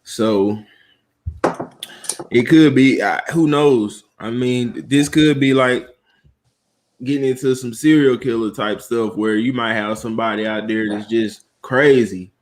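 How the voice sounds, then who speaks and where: A man from Atlanta, a guest on a livestream, speaking slowly and thoughtfully with many pauses and fillers. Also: mid-range voice. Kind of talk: casual livestream chat.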